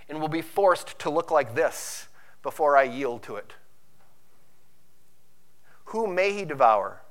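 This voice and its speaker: A man preaching a sermon who quotes scripture and acts out inner voices, swinging between hushed, intimate lines and loud, urgent preaching. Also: on the high side, sing-song, takes it slowly, long pauses. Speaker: pastor.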